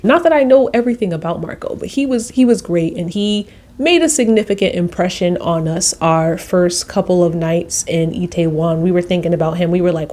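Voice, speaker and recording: A young woman vlogger telling a travel story in a casual, animated way, acting out her own quotes with high excited bursts. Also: brisk, few pauses.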